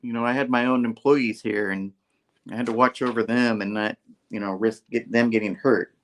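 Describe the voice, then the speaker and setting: A man doing a smooth wealthy businessman. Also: mid-range voice, fairly even intonation, normal speed, a little hiss or hum, lightly acted.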